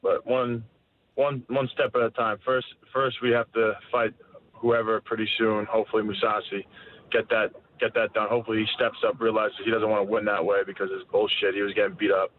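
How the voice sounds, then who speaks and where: A man in his thirties, a fighter being interviewed, talking candidly with halting restarts. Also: on the low side, level tone. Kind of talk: casual interview answers. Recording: tinny phone line with faint noise.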